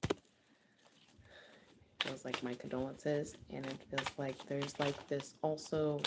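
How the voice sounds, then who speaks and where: A woman giving a casual psychic reading aloud, talking loosely and swearing, moving between hushed murmurs and excited bursts. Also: rumbling low, slow pace, heavy background noise. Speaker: psychic reader. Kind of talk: casual spoken card reading.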